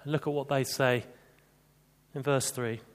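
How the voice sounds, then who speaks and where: A man's voice: medium pitch, steady tone, a little slow. A man preaching an expository sermon, chatty, with rhetorical questions and dry humor.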